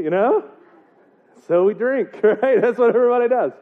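A man's voice: extremely high pitch, moderate pace. A man preaching in a casual, joking way, often asking the congregation rhetorical questions. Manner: joking, chatty, asks the crowd rhetorical questions. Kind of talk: casual sermon. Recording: tinny phone-like sound.

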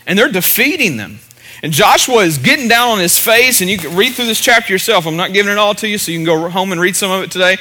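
A man's voice: sits high, animated, fast talker, pushed and bright. A middle-aged male pastor preaching a casual sermon, chatty and full of "you know" fillers.

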